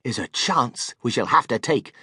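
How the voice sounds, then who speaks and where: A man voicing an eccentric grown male candy maker who is brisk, unflappable and emphatic, read for a storybook. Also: medium pitch, expressive, bright, forceful tone, slightly rough, no echo, clean studio sound, exaggerated voice. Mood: insistent. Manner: emphatic, commanding, matter-of-fact.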